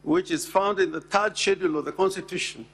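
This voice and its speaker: A man, making a formal legal address to a Senate chamber and deliberately reading out and stressing constitutional text. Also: high-pitched, fairly bright tone, breathy edge. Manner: deliberate, emphatic, reads legal text aloud.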